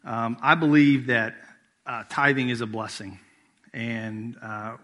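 A man's voice: medium pitch, level tone, slow pace, sharp tone. A middle-aged man preaching a sermon as executive pastor, telling family stories in a casual, conversational way. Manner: storytelling with acted-out quotes, conversational.

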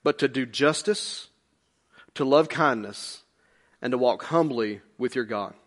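A man's voice: medium pitch, a little slow. A male pastor delivering a conversational, emphatic sermon with humor and rhetorical questions.

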